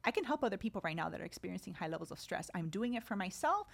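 A woman's voice: medium pitch, big pitch swings, racing, creaky. A woman in her thirties, a coach and podcast guest, telling her story in a casual interview and acting out her own inner thoughts.

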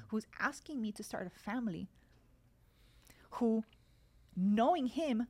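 A woman's voice: on the high side, expressive, measured pace, pauses often, darkish tone. A woman in her thirties, a podcast guest in casual conversation, telling stories animatedly and acting out quoted dialogue.

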